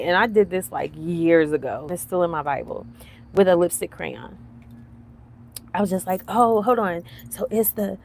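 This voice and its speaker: A woman in her thirties hosting a live commentary stream, chatty and animated, laughing often, with lots of fillers. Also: fairly low pitch, vocal fry. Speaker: livestream commentary host. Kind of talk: casual commentary chat.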